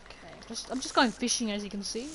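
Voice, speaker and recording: A woman's voice: on the high side, quick pace, bright, forceful tone. A woman streamer chatting casually while she plays, giggling and coaxing her catch along. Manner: chatty, giggly, talks to the game. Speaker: gaming streamer. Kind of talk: casual gameplay commentary. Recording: noisy game audio behind.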